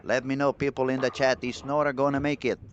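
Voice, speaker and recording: Excitable male bowling commentator. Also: mid-range voice, fast talker, clean tone, dull audio. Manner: excitable, chatty, talks to the chat. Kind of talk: live sports commentary.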